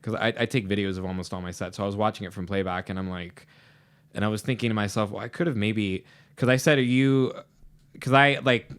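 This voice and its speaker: Young male comedian, podcast guest. Low, resonant voice, easygoing and halting. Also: smooth, no room sound, clean studio sound. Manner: relaxed, halting, repeats words. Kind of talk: casual podcast chat.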